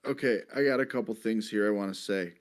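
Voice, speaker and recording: A man's voice: on the low side, quick pace. Man hosting a sports betting show. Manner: leads the segment, reels off stats. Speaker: host. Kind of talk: casual sports betting chat.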